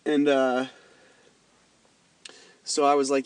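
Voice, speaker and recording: A man's voice: mid-range voice, animated, takes it slowly, pauses often, no echo, recorded from a distance. A young man telling a story in a rambling, heated, heavily profane vlog rant. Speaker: vlogger.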